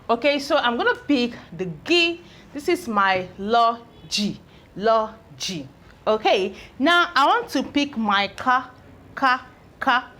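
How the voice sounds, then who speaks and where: A teacher leads a phonics lesson in a mid-range, fairly bright voice, pronouncing syllables slowly and drawing out each sound to build whole words. She stops often to ask if her students are following along.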